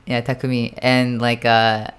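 A man's voice: medium pitch, monotone, a little slow, a bit bright, clean tone. A young man from Japan telling a rambling party story in casual chat, packed with "like" and "right?" and the odd curse. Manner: rambling, filler-heavy, sprinkled with swearing.

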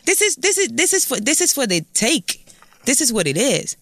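A woman's voice: high voice, very animated, moderate pace, fairly bright tone, no echo. A woman in her thirties from Puerto Rico with a Puerto Rican accent, talking bluntly and profanely as a guest in a casual interview. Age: 30s.

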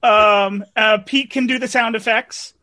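Bright-voiced deadpan woman co-host. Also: on the high side, unhurried. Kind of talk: casual chat.

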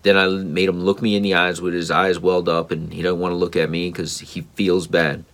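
Tired, earnest man with a very deep voice. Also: level tone, brisk, fairly bright tone. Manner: earnest, reflective, many fillers and restarts. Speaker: father vlogger. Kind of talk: casual personal storytelling.

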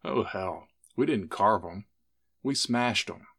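A man's voice: on the low side, animated, takes it slowly, creaky, fairly bright tone, heavily acted. A man voicing a swaggering, teasing young man, the sheriff's son, in a spoken story. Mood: bragging.

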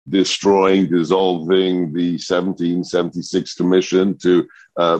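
A very deep-voiced man with a British accent, recorded close and dry with no room sound. He talks confidently, with a wry edge, as a radio guest. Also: darkish tone, no room sound, poor audio. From Britain. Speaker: radio host and analyst guest. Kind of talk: talk radio interview.

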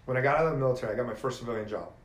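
A middle-aged man telling stories as a podcast guest, in an animated, emphatic way. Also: medium pitch, rapid-fire. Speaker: podcast guest, jiu-jitsu black belt. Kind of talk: casual storytelling conversation. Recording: echoey room with faint ambient noise.

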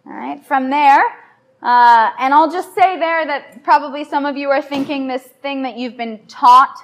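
A woman's voice: high voice, measured pace. A woman giving a live evening lecture to an audience, chatty and playful, often putting questions to the listeners. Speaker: lecturer on raw food and yoga.

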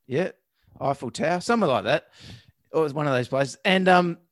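A man's voice: a little high, fairly quick, no echo. Chatty Australian man, dry close mic. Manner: animated banter, says mate. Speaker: podcast co-host. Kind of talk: casual chat.

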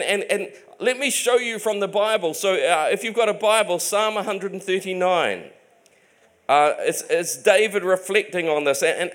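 A man's voice: sits high, a bit bright. A man preaching a sermon in a chatty, conversational way, often restarting words and acting out God's side in casual asides. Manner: conversational, voices God in playful asides; many repeated restarts.

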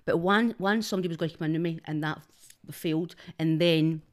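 A woman's voice: sits low, fast. A woman with a Glaswegian accent, a podcast guest telling rambling, sweary stories into a studio mic, often breaking into laughter. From Glasgow's East End, Scotland. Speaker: guest, social media personality. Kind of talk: casual podcast chat. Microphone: studio microphone.

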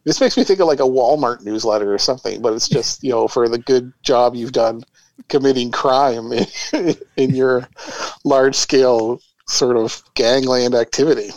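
A man's voice: medium pitch, normal speed, a little mellow, no echo. A man co-hosting a podcast, rambling loosely and chuckling as he talks. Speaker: podcast co-host. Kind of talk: casual comedic chat.

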